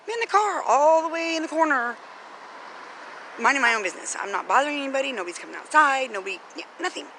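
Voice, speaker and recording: A woman's voice: high-pitched, animated, fast talker, sharp tone, a little hiss or hum, low-quality recording. An American woman vlogger telling a story in a chatty, indignant rant, full of fillers. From United States.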